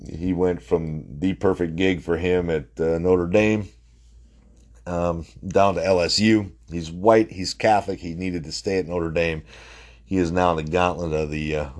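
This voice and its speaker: Deep-voiced man ranting about sports. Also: darkish tone. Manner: rambling, blunt, with many fillers and restarts and occasional swearing. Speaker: sports podcast host. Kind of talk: casual sports opinion monologue.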